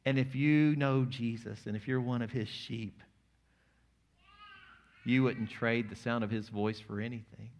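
A male pastor preaching a sermon, moving between quiet, intimate lines and loud, emphatic passages. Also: mid-range voice, fairly even intonation, measured pace, pauses often, a little hiss or hum.

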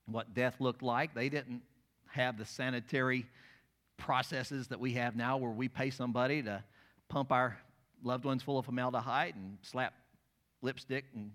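A male pastor preaching a sermon, reading scripture aloud and swinging between hushed, slow passages and loud, ringing calls. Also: mid-range voice. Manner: dramatic, shifts from hushed to loud.

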